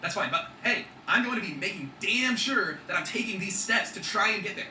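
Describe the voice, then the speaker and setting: A man's voice: high-pitched, lively intonation, a little fast, bright, forceful tone, echoey room, distant mic, a little hiss or hum, low-quality recording. A man talking in an emphatic motivational vlog, swearing freely and checking in with his viewers. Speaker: vlogger.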